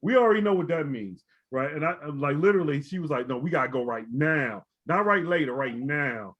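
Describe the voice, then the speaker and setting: A man's voice: fairly high pitch, expressive, fairly quick, fairly bright tone. A man telling a story in casual chat, laid-back and often asking "right?". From Baltimore. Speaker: co-host. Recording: slightly dull audio.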